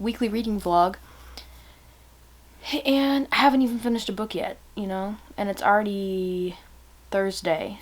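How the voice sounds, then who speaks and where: A young woman chatting casually in a reading vlog, rambling and gushing with lots of fillers. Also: mid-range voice. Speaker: vlogger.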